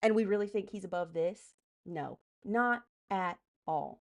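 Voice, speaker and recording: A woman's voice: mid-range voice, animated. A woman live streamer doing political commentary, heated and profane, breaking off to greet chat and direct moderators. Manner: heated, profane, rapid asides to chat and mods.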